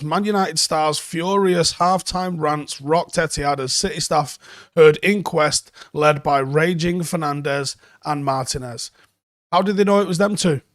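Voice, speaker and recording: Sarcastic ranting man, high voice. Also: a bit bright, dry recording, studio quality. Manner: sarcastic, swearing, exasperated. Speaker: football channel host. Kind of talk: ranting reaction commentary.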